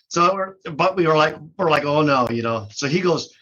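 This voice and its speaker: A man's voice: on the high side, moderate pace, hardly any pauses, fairly bright tone. An older man telling a story as a guest in a casual talk, laughing and cursing, with many restarts, recorded on dull, lo-fi audio. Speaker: guest, drum shop co-owner.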